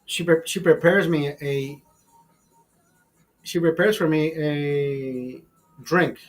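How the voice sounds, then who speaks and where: A man in his fifties telling a personal story in a profane, rambling, animated way, full of restarts. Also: on the high side, slow, faint music behind. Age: 50s. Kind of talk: casual storytelling.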